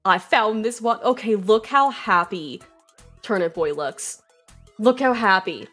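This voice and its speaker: A woman streaming a video game, giving casual, excitable commentary with a lot of swearing and laughter. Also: mid-range voice, moderate pace, faint music behind.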